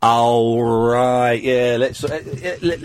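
A man's voice: medium pitch, slow, clean tone, no echo, studio quality. A middle-aged man hosting a late-night radio phone-in, jokey and rambling with mock indignation. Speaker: radio host. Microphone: studio mic.

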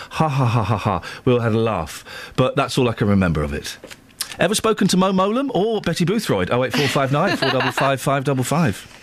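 A man's voice: mid-range voice, a little fast. A man hosting a radio show, chatting casually and telling jokey stories. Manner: jokey, storytelling, animated.

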